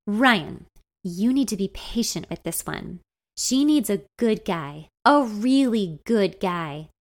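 Lady putting on a tipsy bride, loud and gushy, way overfamiliar. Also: medium pitch, lively intonation, takes it slowly. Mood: teasing. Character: tipsy excitable bride, a woman.

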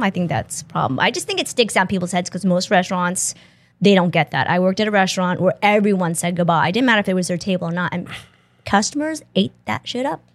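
A woman's voice: medium pitch, dry recording. A woman who works in restaurants, giving blunt, frank opinions in a casual chat. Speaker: restaurant worker, co-host.

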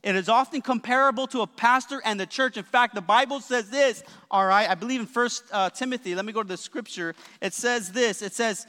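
High bright voiced pastor guy preaching hard, lots of "all right?", church hall echo. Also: fairly quick, hardly any pauses. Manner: emphatic preaching with frequent "all right?" and call-and-response. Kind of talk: sermon.

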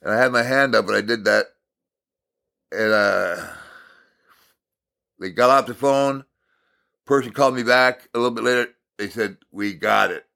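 Middle-aged man, devotional talk; bright, forceful tone, lively storytelling, repeats words for punch. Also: mid-range voice, normal speed, gravelly, pauses often. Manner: animated storytelling, swinging from loud exasperation to quiet reflection. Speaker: Christian speaker.

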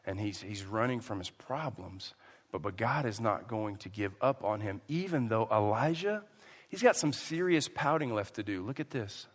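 A male pastor preaching a sermon with emphasis, swinging between loud and hushed delivery. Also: on the low side, expressive, normal speed, big-room sound.

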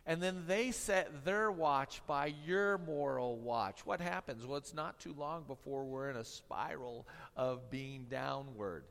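A man's voice: medium pitch, unhurried, gravelly, hardly any pauses, fairly bright tone, big-room sound. A man preaching a sermon, mixing humorous stories with tongue-in-cheek sarcasm. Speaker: pastor.

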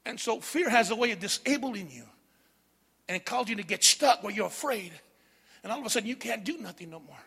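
A middle-aged man preaching a sermon, animated, with call-and-response asides to the congregation. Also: sits high, a little fast, creaky, husky, big-room sound. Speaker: pastor.

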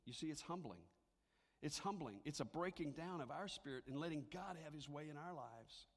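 A man delivers a sermon from the pulpit in a slightly high voice. He moves between animated, conversational preaching and soft, hushed lines for emphasis. The sound carries the long reverb of a large hall. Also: moderate pace, husky. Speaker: pastor.

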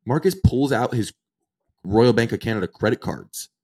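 A man's voice: mid-range voice, moderate pace, vocal fry, slightly rough. A man in his twenties, co-hosting a podcast, casually telling a story and acting out the people in it. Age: 20s. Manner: animated storyteller acting out dialogue. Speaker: podcast co-host.

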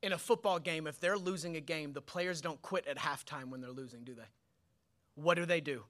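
A young man preaching a sermon as pastor, energetic and colloquial, with slang and rhetorical questions. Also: a little high, brisk.

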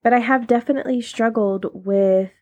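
A woman's voice: fairly high pitch, normal speed, dark tone. A woman of thirty, hosting a casual solo podcast and speaking candidly and chattily with frequent laughs. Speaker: podcast host.

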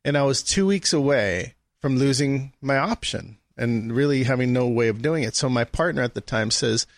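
A man's voice: mid-range voice, moderate pace, no room sound, studio quality. A man as a guest, telling a story in a casual conversation and acting out the people he quotes. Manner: animated anecdote-telling, acts out quoted dialogue.

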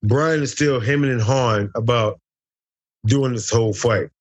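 A middle-aged man from the US, a former fighter being interviewed, delivers a wild, profane, boisterous story and acts out what everyone said. His voice is mid-range and his speed normal.

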